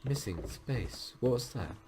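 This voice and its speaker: A man's voice: medium pitch, expressive, unhurried, background noise. A young man giving casual let's-play commentary, thinking aloud with frequent ums as he plays. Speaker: gameplay commentator.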